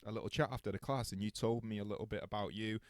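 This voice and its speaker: A man hosting a podcast, telling stories in a rambling, animated way with many restarts. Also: lowish voice, racing, dry recording, clean studio sound. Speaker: podcast host. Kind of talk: casual interview chat.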